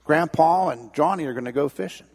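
A preacher voicing a calm, knowing old grandmother who speaks matter-of-factly, in a long-echoing hall. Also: a little high, a little fast, creaky. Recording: long reverb in a large hall.

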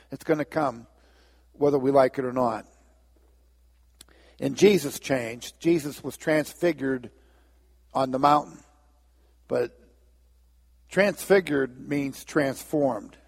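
Husky male pastor preaching in a hall. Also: mid-range voice. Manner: storytelling, acts out biblical dialogue with lively voices. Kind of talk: sermon.

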